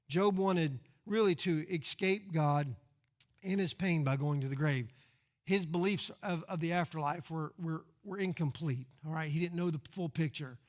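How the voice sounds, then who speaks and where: A man with a high voice preaches a sermon as a pastor. He talks in a loose, conversational way, throwing out rhetorical questions and repeating words as he goes. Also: normal speed. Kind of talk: expository sermon. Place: church sanctuary.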